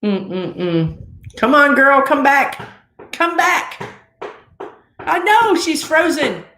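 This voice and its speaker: A woman hosting a joking live stream over a video call. Her high, bright voice bounces around, and the room behind her is echoey. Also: expressive, very slow. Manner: teasing, joking banter. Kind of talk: casual live-stream chat.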